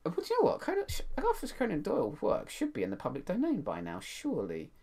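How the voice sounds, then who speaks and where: A man's voice: high-pitched, huge pitch swings, quick pace, gravelly, warm tone. A man co-hosting a podcast in casual chat, enthusiastic and rambling, with many restarts. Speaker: podcast co-host.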